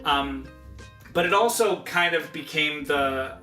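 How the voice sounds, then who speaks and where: A man's voice: a little high, takes it slowly, sharp tone, roomy sound, soft background music. A man, a game writer and voice actor, chatting casually and animatedly, laughing often. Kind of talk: casual chat.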